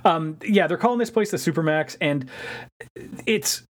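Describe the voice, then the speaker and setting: Sarcastic male podcast co-host, animated delivery, a touch high-pitched. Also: normal speed. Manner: sarcastic, animated, mocking impressions. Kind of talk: casual movie recap chat.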